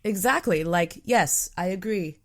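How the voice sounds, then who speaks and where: A woman hosting a travel podcast, talking in a frank, animated way with plenty of "like" in her conversational speech. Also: lowish voice, a little slow. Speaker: podcast host.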